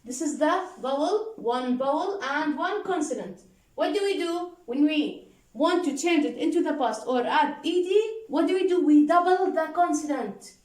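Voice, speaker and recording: Woman teacher going over spelling rules, high voice, keeps checking everyone's following, spells out letters slowly. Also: lively intonation, a little mellow, echoey room. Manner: patient, repeats points and checks understanding with "okay?" and "deal?". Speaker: English grammar teacher. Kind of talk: explaining grammar rules to students.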